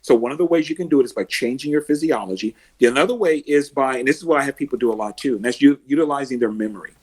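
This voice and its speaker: Male podcast guest, life coach type, husky voice, mid-range pitch, lively storytelling that acts out the quotes. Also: rapid-fire. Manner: animated storyteller, acts out quotes and heroic laughs. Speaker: emotional success coach.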